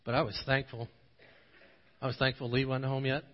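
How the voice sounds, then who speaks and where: A man preaching a sermon, at times pleading with rising intensity, at times telling a relaxed story. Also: mid-range voice, normal speed, background noise. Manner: passionate, swelling to pleading intensity in prayer passages. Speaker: pastor. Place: church sanctuary. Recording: dull audio with long hall reverb.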